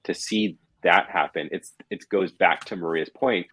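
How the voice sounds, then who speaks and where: A man's voice: deep voice, a little slow, fairly bright tone, husky. A man co-hosting a podcast, talking through a show episode in casual chat, earnest and wordy, circling back to his points. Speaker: podcast co-host.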